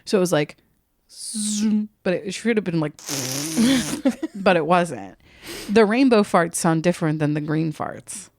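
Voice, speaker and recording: A woman co-hosting a podcast, telling a spooky story in a casual, jokey, profane way with quick asides. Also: lowish voice, expressive, a little mellow.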